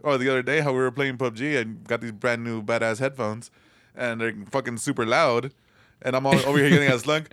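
A man's voice: mid-range voice, fairly even intonation, brisk, fairly bright tone, no echo. A young man co-hosting a casual podcast, teasing the others and laughing often. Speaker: podcast co-host. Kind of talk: casual chat.

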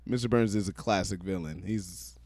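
A man's voice: sits low, normal speed, a little mellow, dry recording. A man in casual chat, talking with emphasis and laughing often.

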